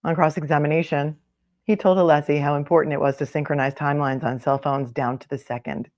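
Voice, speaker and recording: Reading a newspaper column aloud on her live-stream, this middle-aged woman attorney keeps pausing for wry, chatty asides between passages. She speaks quickly in a low, slightly mellow voice with fairly even intonation.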